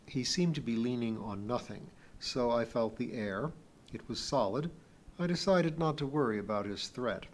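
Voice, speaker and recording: A man reading an audiobook novel aloud in a measured, plain storytelling manner. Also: mid-range voice. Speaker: audiobook reader. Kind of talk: scripted narration.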